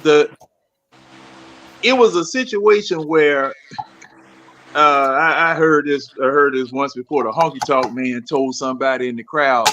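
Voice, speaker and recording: A man co-hosts a loose sports talk show with a bright, slightly high voice. He rambles and circles around his point in quick bursts. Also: a little hiss or hum. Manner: rambling, lots of fillers and restarts, quick. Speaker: podcast co-host.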